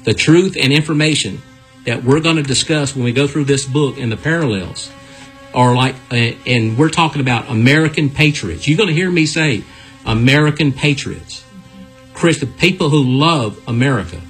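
A man's voice: mid-range voice, moderate pace, fairly bright tone, soft background music. A man preaching a radio sermon, folksy and earnest, with rhetorical questions.

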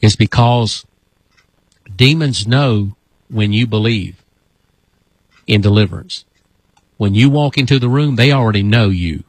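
A man's voice: on the low side, unhurried, long pauses, no room sound, poor audio. Guy preaching deliverance over the internet, keeps saying come out come out, folksy and rambly, dry mic. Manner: repetitive commanding exorcism chants. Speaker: deliverance minister.

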